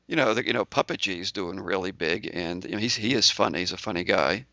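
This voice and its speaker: Gravelly low-voiced male host. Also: sharp tone, no echo, dull audio. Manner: halting, repeats words, dry humor. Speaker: interview host. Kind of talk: casual interview chat.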